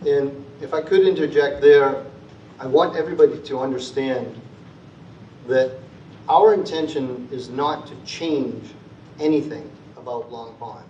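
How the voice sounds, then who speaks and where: A man's voice: medium pitch, a little slow, dark tone, a little hiss or hum. A man giving a heartfelt prepared presentation to a town meeting, repeating rallying phrases. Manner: earnest, repetitive rallying phrases. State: choked up with emotion at times. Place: school auditorium. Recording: roomy, distant, dull auditorium recording.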